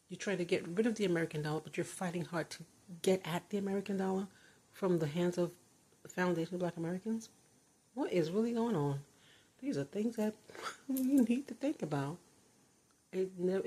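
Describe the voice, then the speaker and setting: A woman's voice: fairly low pitch, fairly quick, mellow, breathy edge. An older retired woman chatting casually from her bedroom, rambling and laughing often. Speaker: vlogger. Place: her bedroom, door closed.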